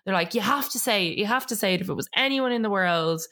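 A woman's voice: mid-range voice, fast. A woman co-hosting a podcast, telling the story in casual chat and acting out what people said. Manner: animated storyteller who acts out quotes. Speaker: podcast co-host.

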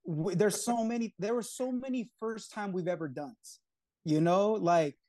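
A man, a guest on an interview show, telling a story in a lively way, acting out other people's lines and swearing casually. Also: high-pitched, moderate pace, crowd noise. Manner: lively storyteller who acts out quoted dialogue, casual swearing. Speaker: comic co-creator, guest.

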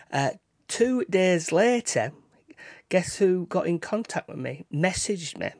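A man hosting a casual solo podcast, rambling along, repeating and restarting his words, with sudden excitable bursts. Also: a little high, a little slow, dry recording, clean studio sound. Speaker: podcast host. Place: indoors, rain outside.

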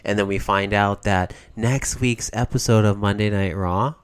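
A man co-hosting a wrestling podcast, talking casually with lots of swearing and bursts of excited shouting. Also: on the low side, normal speed, clean tone, no echo. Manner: profane, excitable, laughs often. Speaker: podcast co-host. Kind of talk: casual wrestling recap chat.

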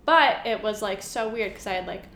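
A woman's voice: mid-range voice, a little fast, fairly bright tone, a little hiss or hum. A young woman chatting candidly as a podcast co-host, conversational and supportive, with lots of "like". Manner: conversational, supportive, many "like" fillers. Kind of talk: candid casual chat. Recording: echoey room.

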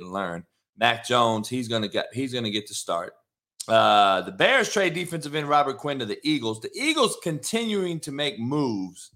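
A man hosting a sports talk show, brash and profane, ranting about the news. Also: medium pitch. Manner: brash, swearing, animated.

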